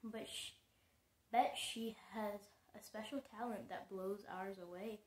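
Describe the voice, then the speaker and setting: A woman's voice: mid-range voice, steady tone, slow pace, a little mellow, lightly acted. A woman voicing a cheerful young schoolgirl witch in a storybook reading, chirpy and matter-of-fact. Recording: echoey room.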